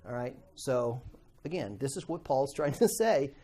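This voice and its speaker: A man's voice: mid-range voice, expressive, a little slow, dark tone. A middle-aged man teaching a Bible class in a conversational way, asking the class questions and acting out quoted voices.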